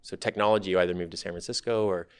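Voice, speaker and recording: A low, smooth male voice delivers a podcast interview at a very fast clip, with no echo. He is a startup CEO in his thirties, telling his story in a relaxed, candid and thoughtful manner.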